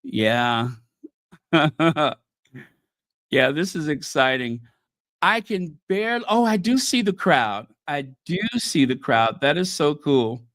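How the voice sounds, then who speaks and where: Excitable high-voiced man hosting a livestream. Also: takes it slowly, no room sound, clean studio sound. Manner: excitable, greets viewers by name, laughs often. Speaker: livestream host. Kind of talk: casual live-stream chat.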